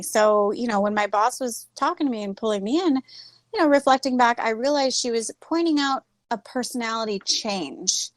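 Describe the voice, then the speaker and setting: Animated woman telling her own story. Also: a little high, no room sound. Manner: candid, animated storytelling with quick asides. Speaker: guest speaker. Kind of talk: personal story in a group talk. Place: video call.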